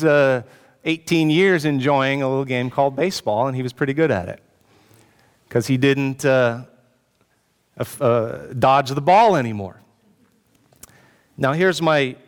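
A man's voice: a little high, smooth. A man giving a sermon as pastor, telling a personal story in a self-mocking way and joking with the congregation. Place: church hall with an audience. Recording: long hall reverb.

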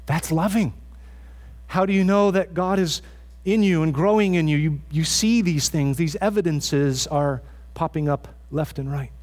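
A man's voice: on the high side, a little slow, a little mellow. A man preaching a sermon as pastor in a church, earnest and conversational, often restarting his phrases.

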